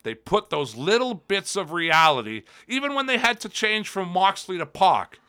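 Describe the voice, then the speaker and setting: A man co-hosting a casual chat show, talking in an emphatic, animated way and swearing freely. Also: high-pitched, moderate pace, clear, resonant tone. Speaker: podcast co-host.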